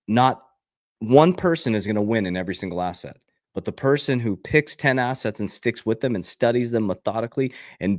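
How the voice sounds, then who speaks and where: A man's voice: on the low side, no room sound, studio quality. A man giving a motivational talk as a financial coach, emphatic and preachy, repeating his points for stress.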